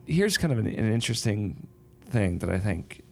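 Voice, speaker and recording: A man's voice: lowish voice, sing-song, moderate pace, vocal fry, darkish tone. A man who writes songs and novels, talking through his writing process in a thoughtful, casual conversation. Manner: thoughtful, explains with sung rhythms and examples. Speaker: songwriter and novelist.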